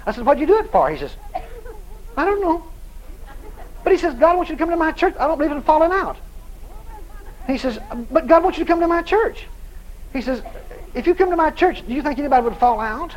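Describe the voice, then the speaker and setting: A man preaching, telling a story with lively dialogue and loud shouted prayers. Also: very high voice, brisk, long pauses, highs cut off, a little hiss or hum. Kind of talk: sermon storytelling.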